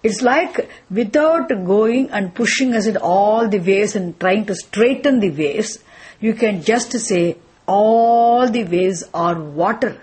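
A woman's voice: mid-range voice, expressive, takes it slowly, a little mellow, husky. A woman teaching a scripture class, asking questions and answering them herself, repeating the key phrases. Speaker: Vedanta teacher.

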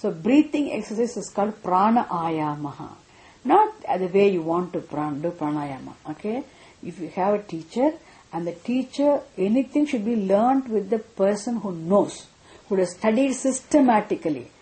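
A woman's voice: mid-range voice, very animated, moderate pace, warm tone, rough recording. Lady explaining scripture terms, repeats herself, keeps asking if you get it. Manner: patient, repeats points for emphasis, asks "understand?". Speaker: spiritual teacher. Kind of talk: scripture lesson.

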